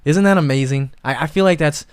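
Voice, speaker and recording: A young man hosting a podcast in casual chat, telling animated stories and swearing freely. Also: on the high side, a little fast, clear, resonant tone, no room sound, clean studio sound. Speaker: podcast host.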